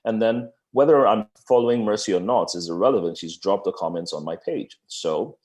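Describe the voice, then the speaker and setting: A man speaking as a business coach in a webinar over a video call, with a lively, conversational delivery and playful asides. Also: fairly low pitch, fairly quick. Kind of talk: webinar presentation.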